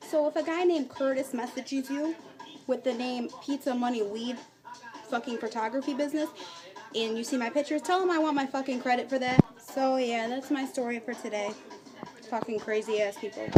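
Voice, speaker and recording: A woman's voice: high-pitched, normal speed, over music. A young woman telling a story in a casual vlog, swearing freely and acting out both sides of a chat with exasperation. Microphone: phone or webcam.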